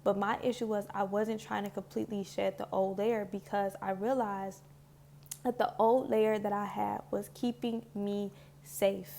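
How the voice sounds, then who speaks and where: A woman with a mid-range, gravelly, dark-toned voice speaks at a measured pace and level tone, with slight background noise. In a casual reflective talk to camera about spiritual healing, she is earnest and heartfelt, loose with "like"s, and emotional, nearly in tears.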